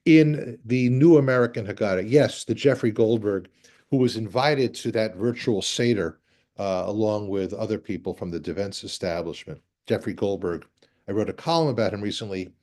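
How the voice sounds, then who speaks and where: A middle-aged man giving an illustrated lecture, wry and animated, at times spelling out names for his audience. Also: on the low side, moderate pace.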